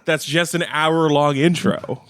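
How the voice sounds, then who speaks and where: A man's voice: a little high, measured pace, no echo, studio quality. A man co-hosting a community radio show in casual, joking banter. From Canada. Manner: joking, chatty, animated. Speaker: radio co-host.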